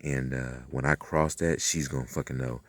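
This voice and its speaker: A man's voice: a bass voice, fairly even intonation, moderate pace, a bit bright, no echo. A man hosting his own channel, talking in a meandering, profane monologue full of fillers and acted-out quotes. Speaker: channel host. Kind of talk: rambling spiritual monologue.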